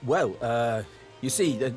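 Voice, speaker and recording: A man's voice: medium pitch, expressive, takes it slowly, music in the background. Man playing a nervous young knight. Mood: flustered. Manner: stammering, nervous. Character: young male knight, shy and earnest suitor.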